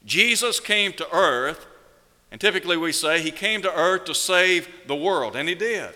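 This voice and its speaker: A man preaching a sermon, asking rhetorical questions and slowing down to stress key words. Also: high voice, expressive, pushed and bright, big-room sound. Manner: measured preaching, slows down for emphasis, rhetorical questions.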